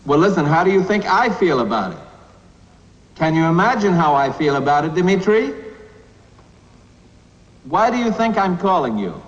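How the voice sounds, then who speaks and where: An actor playing a flustered male president who placates a foreign leader over the phone, in a halting, apologetic way. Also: fairly high pitch, very animated. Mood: placating. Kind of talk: film comedy acting. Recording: old film audio, dull and echoey.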